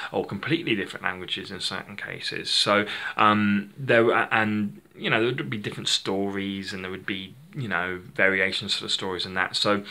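Rambling chatty man with a bright voice. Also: fairly low pitch. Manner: rambling, self-correcting, chatty. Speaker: channel host. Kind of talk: unscripted casual monologue.

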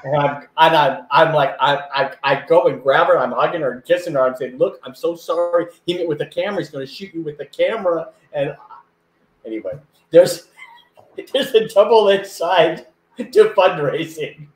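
An older man telling a lively anecdote in a casual chat, acting out other people's voices as he goes. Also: fairly high pitch, normal speed, reverberant. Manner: animated, acts out voices in anecdotes. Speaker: guest.

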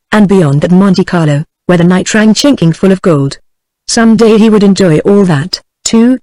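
A British woman narrating a storybook in a steady, even text-to-speech reading. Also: on the low side, no room sound, rough recording. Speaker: audiobook narrator. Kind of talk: scripted narration.

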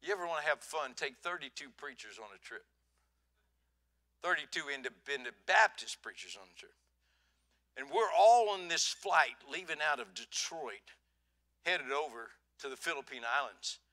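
A man preaching in a church sanctuary with a high voice and a very bright, forceful ring. He tells stories in an animated way, dropping low and hushed and then rising loud. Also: moderate pace. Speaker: pastor. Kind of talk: sermon.

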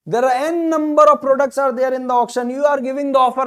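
A man's voice: very high-pitched, fairly even intonation, quick pace, clear, resonant tone. A man with an Indian English accent teaching a law lecture online, repeating key phrases with emphatic, rhetorical questions. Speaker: law tutor.

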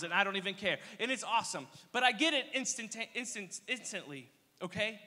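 A young man preaching a casual youth sermon, telling energetic, slangy stories with playful asides. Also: high-pitched, a little fast. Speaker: youth pastor. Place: church hall. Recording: long reverb of a church hall.

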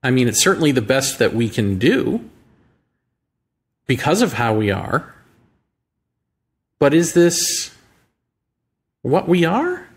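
With a medium-pitched, very animated voice carrying a breathy edge, this American man thinks aloud on his podcast. His reflective monologue on politics and spirituality moves in slow, deliberate phrases full of rhetorical questions.

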